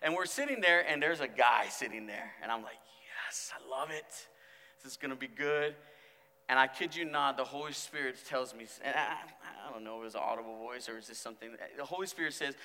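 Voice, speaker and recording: Animated man preaching in a hall. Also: mid-range voice, a little fast. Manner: swings from mumbled quotes to loud exclamations. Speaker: student pastor. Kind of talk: sermon with acted-out stories. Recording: long hall reverb.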